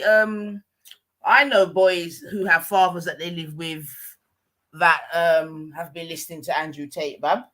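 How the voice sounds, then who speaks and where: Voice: mid-range voice, bright, forceful tone. Panel guest pushing back politely. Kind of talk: casual debate.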